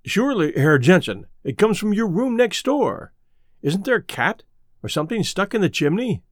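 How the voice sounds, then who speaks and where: A man's voice: sits high, sing-song, normal speed, dry recording, clean studio sound. A man reading aloud, voicing an eager, curious male hotel guest.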